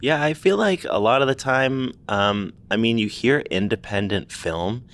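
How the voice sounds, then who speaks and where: A man's voice: medium pitch, expressive, normal speed, a bit bright. A male actor answering interview questions in a thoughtful, candid way.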